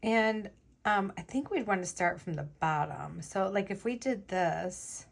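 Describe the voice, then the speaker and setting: A woman's voice: mid-range voice, animated, measured pace, vocal fry. A woman vlogger chatting casually as she makes jewelry, thinking aloud with lots of fillers. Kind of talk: casual crafting chat.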